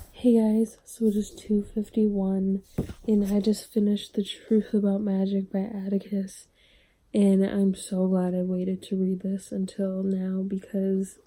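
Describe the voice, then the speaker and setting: A young woman chatting casually to camera in a book vlog at home, drifting into soft whispers. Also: medium pitch, poor audio. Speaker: book vlogger.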